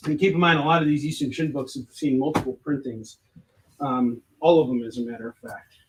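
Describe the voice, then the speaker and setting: Man, somewhat high voice, casual livestream chat, joking and animated, counting stock aloud, faint hiss. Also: a little fast. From United States. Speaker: comics creator hosting a livestream Q&A.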